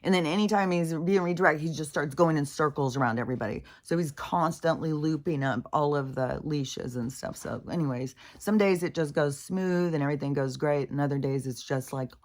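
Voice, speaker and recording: A woman's voice: low voice, a little fast, hardly any pauses. A woman talking in a casual, rambling way, venting and swearing freely while worn out and in pain. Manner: profane, venting, full of fillers. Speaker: vlogger.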